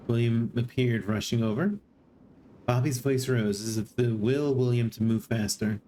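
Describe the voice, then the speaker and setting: A streamer reading a text adventure aloud in an even voice, with amused asides now and then. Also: medium pitch, normal speed, a little hiss or hum. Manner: reads narration evenly and breaks in with surprised laughing asides.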